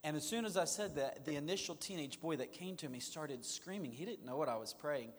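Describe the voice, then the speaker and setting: A man guest recounts a story with lively, self-mocking humor. His voice sits a little high for a man. The recording carries a long, hall-like reverb. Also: a little fast, hardly any pauses. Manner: animated, self-mocking anecdotes. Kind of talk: storytelling in a conversation.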